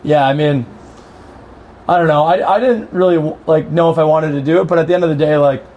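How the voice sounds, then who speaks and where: A man's voice: fairly high pitch, brisk, muffled recording, slight background noise. Laid-back male hockey player guest. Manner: relaxed, laid-back, many fillers. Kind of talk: casual chat.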